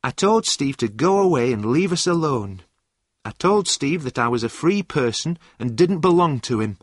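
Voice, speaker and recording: A man's voice: on the high side, lively intonation, normal speed, no echo, clean studio sound, voice pushed up. A man voicing an earnest young woman in a read-aloud story, speaking in a raised, careful voice.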